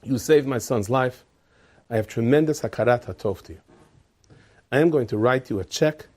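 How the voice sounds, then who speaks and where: A man voicing an older rabbi and father who pleads calmly and slowly with measured words. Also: husky. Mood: persuasive. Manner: slow, low and measured.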